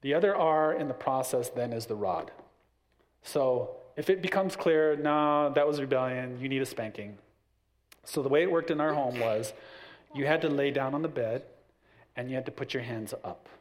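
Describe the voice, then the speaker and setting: Middle-aged man, casual talk on parenting, animated storytelling, mid-range voice. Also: mid-range voice, normal speed. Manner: animated, acts out little scenes with family voices. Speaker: parent giving parenting advice.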